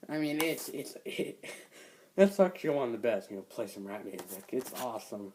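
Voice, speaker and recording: A man's voice: medium pitch, very animated, moderate pace, a little mellow, a little hiss or hum, rough recording. A young man casually reviewing a film, retelling scenes in a rambling way, full of fillers and "like.". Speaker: movie reviewer.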